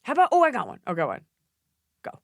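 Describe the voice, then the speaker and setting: A woman in her thirties hosting a podcast, chatting casually in a quick, joking and animated way. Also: on the high side, vocal fry, dry recording, studio quality. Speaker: podcast host. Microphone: studio mic without headphones.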